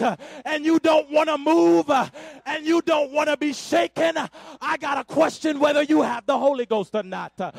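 A man preaching a Pentecostal sermon, shouting in call-and-response and dropping to quiet asides. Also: very high-pitched, creaky, no room sound. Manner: breathless, drops to quiet asides. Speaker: pastor.

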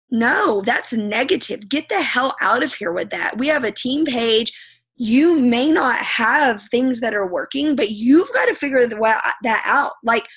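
A woman leading her team on a video call, talking in an emphatic motivational way with lots of "like" and "right", her voice going hoarse from allergies. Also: a little high, fairly bright tone. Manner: emphatic, repeats phrases, says "like" and "right" often. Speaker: team leader.

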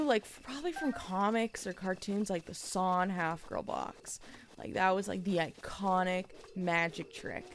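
A woman streams a video game and chats along casually, swearing mildly now and then. Her pitch swings about in a lively way while she talks. Her tone stays loose and conversational, full of fillers. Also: a little hiss or hum. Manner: chatty storytelling with frequent fillers and mild swearing. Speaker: gaming streamer. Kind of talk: casual let's play commentary.

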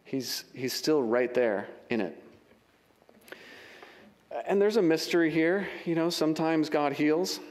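Casting: male pastor with a fairly high voice, impassioned sermon delivery, repeats lines for emphasis. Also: measured pace, pauses often. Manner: builds in rising lists.

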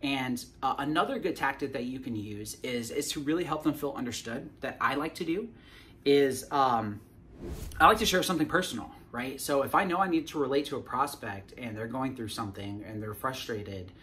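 A man's voice: mid-range voice, lively intonation, normal speed, pushed and bright, slight background noise. A man giving a casual sales coaching talk to the camera, often tagging his points with "right?" and repeating words as he restarts.

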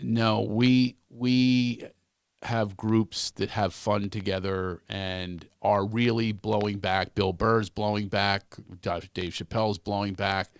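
A man's voice: on the low side, flat delivery, slow pace, clear, resonant tone, no room sound, studio quality. A man who is a comedian guest, ranting animatedly and repeating words when fired up. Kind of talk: animated podcast conversation.

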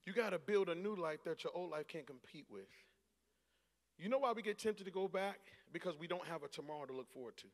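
A pastor in his forties preaching a sermon, telling a story and rising into shouts and laughter. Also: fairly high pitch, animated, brisk. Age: 40s. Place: large church hall. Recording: long hall reverb.

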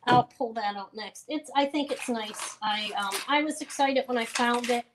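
A woman's voice: fairly high pitch, moderate pace, heavy background noise. A woman hosting a live online jewelry auction, chatting casually and rambling with fillers and self-corrections. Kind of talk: casual live-stream selling chat.

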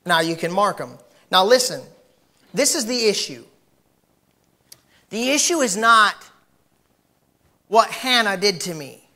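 A man preaching a sermon as pastor of a church, with shouted peaks and quiet, joking asides, often putting direct questions to the congregation. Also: sits high.

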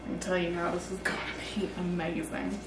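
A woman hosting a casual barbecue cooking vlog, chatty and excited as she cooks and tastes the food. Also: lowish voice, a little fast, reverberant, far from the mic, background noise. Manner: excited, chatty, talks while tasting. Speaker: barbecue channel host.

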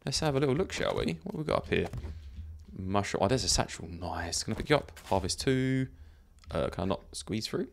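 A man's voice: fairly low pitch, expressive, brisk, gravelly, slight background noise. A man chatting casually while he plays a zombie survival game, thinking aloud and laughing often. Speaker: gaming YouTuber. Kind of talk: let's play commentary.

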